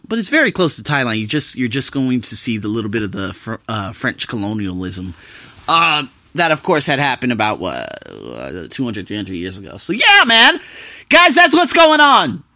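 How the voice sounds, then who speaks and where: Animated, bright-voiced young man vlogging. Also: no echo. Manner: animated, chatty, swings between loud bursts and low asides. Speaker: vlogger living abroad. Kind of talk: casual talk to camera.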